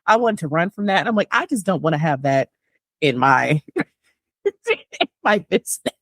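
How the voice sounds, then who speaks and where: A lively woman with a lowish voice that swings widely as she tells stories. She laughs often and slips into mocking impressions of others. Her voice is recorded dry and close. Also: moderate pace, no echo. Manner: animated storyteller, mimics voices, laughs often. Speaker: guest, tarot business owner. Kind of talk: casual group chat.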